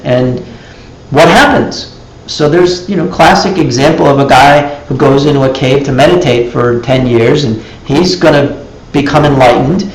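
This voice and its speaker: A man's voice: mid-range voice, reverberant, poor audio. A man teaching a live class, telling stories and acting out little dialogues in raised voices.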